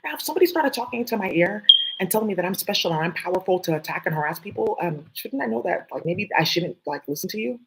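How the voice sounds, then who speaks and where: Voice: medium pitch, lively intonation, fast talker, vocal fry, heavy background noise. A vlogger talking in a casual, rambling, conspiratorial monologue full of fillers.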